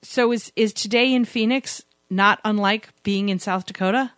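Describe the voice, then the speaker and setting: A woman co-hosting a podcast in easy, rambling banter, quick to contradict her partner. Her voice sits at an ordinary pitch and is recorded dry, with little room sound. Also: fairly bright tone, no room sound. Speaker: podcast co-host. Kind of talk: casual banter and interview.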